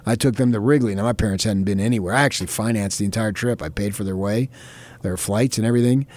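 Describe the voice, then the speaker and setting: A man's voice: fairly low pitch, fast, darkish tone. A man co-hosting a sports talk show, telling stories in a rambling way with many fillers. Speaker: sports reporter and co-host. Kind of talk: casual chat.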